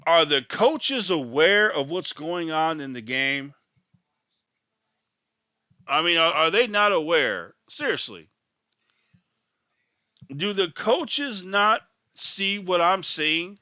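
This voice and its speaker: A man's voice: a little high, expressive, slow, long pauses, bright, forceful tone, clear, resonant tone, dry recording, highs cut off. A man ranting in exasperation as he reacts live to a college basketball game, repeating his complaints. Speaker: sports talk host.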